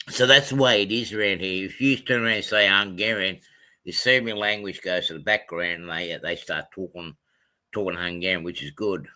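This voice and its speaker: Bright-toned low-voiced Australian man. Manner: rambling, self-correcting, many ums. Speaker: livestream host. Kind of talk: casual livestream chat.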